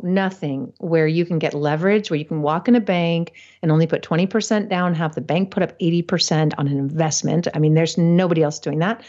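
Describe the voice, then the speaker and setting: An American woman guests on a podcast, talking casually about investing in a chatty interview full of fillers and frequent laughter. Her voice sits low with a darkish tone, and the recording is muffled.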